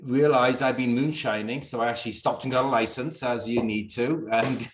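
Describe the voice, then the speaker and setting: A Northern English man, a distillery founder, rambles and laughs through a casual video call from his bedroom at home. His mid-range voice moves at a moderate pace, and the room sounds reverberant.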